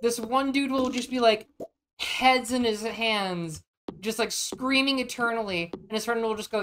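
A woman vtuber streaming a farming game, chatting casually in an animated, crude, joking way and often swearing. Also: a little high, moderate pace, slight background noise. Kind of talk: casual gaming stream chat.

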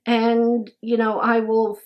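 A woman chatting casually to camera, warm and reassuring, quick to agree. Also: fairly high pitch, flat delivery, highs cut off. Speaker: vlogger, partner in a couple channel. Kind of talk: casual emotional chat to camera.

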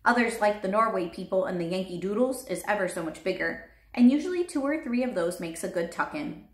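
A woman's voice: mid-range voice, animated, brisk, close to an everyday voice. A woman voicing a big, friendly male giant who bumbles through made-up words with a folksy lilt, read aloud in a roomy space. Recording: roomy echo.

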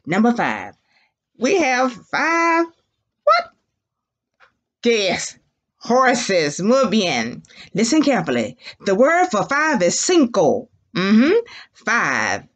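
A woman's voice: on the high side, huge pitch swings, very slow, long pauses. A woman teacher leading young children through a language lesson, with sing-song call-and-repeat drills and playful animal sounds.

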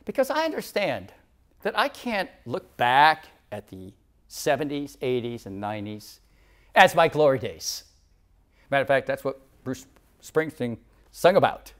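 A man in his sixties preaching a sermon as church leader, swinging from loud declarations to near whispers. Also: medium pitch, very animated, unhurried. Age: 60s.

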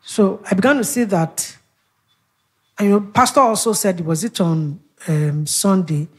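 A woman giving a church teaching, recounting a personal prayer experience in a halting, reflective way with many restarts and fillers. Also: mid-range voice, husky. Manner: drops to a soft, hushed tone when describing prayer. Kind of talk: personal testimony in a teaching session.

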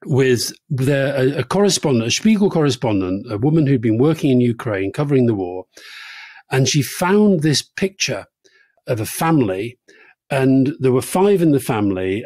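Husky man in his sixties, earnest podcast host. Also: medium pitch, a little mellow, no echo. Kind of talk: conversational political podcast.

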